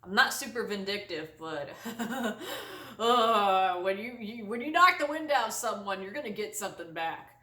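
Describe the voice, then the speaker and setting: A woman vlogger telling a comic story to camera, exaggerated and animated, laughing often. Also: mid-range voice, moderate pace, reverberant, recorded from a distance. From United States.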